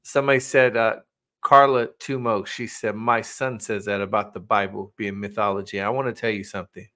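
Man, 40s, podcast co-host, earnest, preachy, bright forceful voice. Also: lowish voice, steady tone, fairly quick. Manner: earnest, gets emotional, preachy. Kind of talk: casual faith talk.

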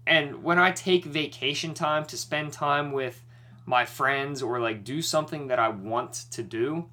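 A man's voice: on the high side, measured pace, bright, forceful tone. A young man co-hosting a podcast, retelling a story in casual chat with lots of swearing and worked-up energy.

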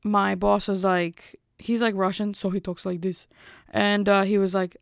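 Young woman, gravelly fry, dry close sound, rambling casual storytelling, exasperated. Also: medium pitch, flat delivery, brisk, no echo. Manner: rambling, filler-heavy, exasperated retelling. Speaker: vlogger.

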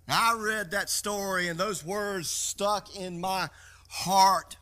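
A man's voice: high-pitched, unhurried, bright, forceful tone. A male pastor preaching a sermon, telling a story emphatically with frequent restarts.

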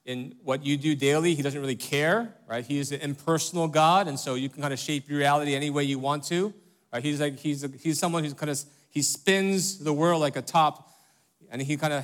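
A pastor preaching a conversational sermon, emphatic and questioning the congregation in church. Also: male voice, fairly high pitch. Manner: emphatic, asks listeners rhetorical questions.

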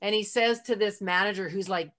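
A middle-aged woman talks through her past as a podcast guest in an easy, conversational flow at a medium pitch. She is open about her feelings and sprinkles her speech with casual fillers. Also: steady tone, fairly quick, a bit bright. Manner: chatty, frequent fillers like "like" and "you know"; heartfelt, openly emotional. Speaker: interview guest. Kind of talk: casual storytelling in a podcast interview.

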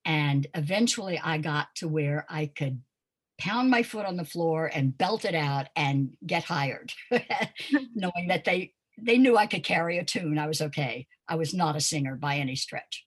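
An older woman from Pensacola tells stories as an interview guest. Her low voice carries a husky edge, and she talks conversationally with plenty of ums and uhs. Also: a little slow. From Pensacola, Florida. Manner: warm storytelling with frequent ums and uhs. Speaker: interview guest, dance teacher.

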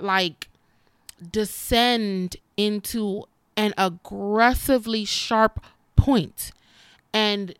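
Sassy twenties woman chatting to her viewers, smooth clear voice, dry close sound, calls everyone honey. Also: on the high side, dry recording. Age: 20s. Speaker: vlogger. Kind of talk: casual talk to camera.

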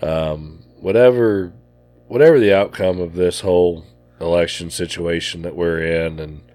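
Easygoing country man, lowish voice. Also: steady tone, measured pace, a little mellow, dry recording. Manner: easygoing country talk, plainspoken. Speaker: podcast co-host. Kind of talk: casual chat. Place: small indoor shanty.

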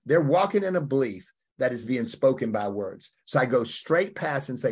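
Emphatic husky man coaching. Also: medium pitch, lively intonation, moderate pace. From Alabama, US. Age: middle-aged. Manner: emphatic, acts out quoted voices, punchy phrasing. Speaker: podcast guest, life coach. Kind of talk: animated conversational interview answer.

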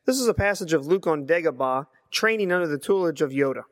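A man's voice: on the high side, lively intonation, quick pace. A man in his thirties leaving a voicemail, reminiscing earnestly and reading passages aloud. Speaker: listener voicemail. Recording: long hall reverb.

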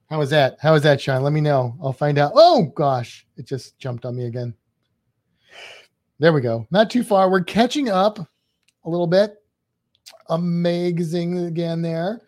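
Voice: medium pitch, normal speed, darkish tone. A co-host chatting casually on a charity livestream, rambling a little and reading viewer comments aloud with mild exclamations.

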